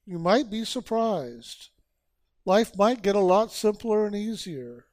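A man's voice: high-pitched, sing-song, a little mellow, dry recording. A man giving a spiritual sermon as a teacher, urging listeners with repeated phrases and rhetorical questions. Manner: slow, repetitive exhortation with rhetorical questions.

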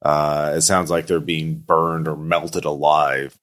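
Deep male game master, halting, filler-heavy narration. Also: flat delivery, fairly bright tone. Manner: hesitant, with frequent fillers.

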